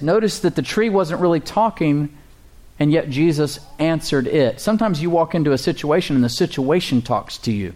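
Pastor guy preaching to his church, asks for amens, slows way down for the bible verses. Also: on the high side, expressive, a little mellow. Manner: preaching with call-and-response to the congregation; reads scripture slowly and deliberately. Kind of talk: sermon.

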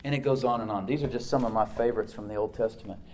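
A male pastor preaching a sermon, swinging from loud emphatic lines to hushed near-whispers. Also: lowish voice, steady tone, very fast, reverberant, slight background noise, poor audio. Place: church sanctuary.

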